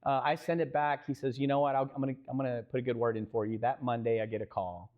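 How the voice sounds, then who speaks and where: Animated Texan man telling a story. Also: medium pitch, quick pace, narrow, tinny audio. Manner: animated, acts out quoted dialogue, asks the crowd questions. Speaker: real estate company co-founder telling a story on a live panel. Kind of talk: storytelling on stage.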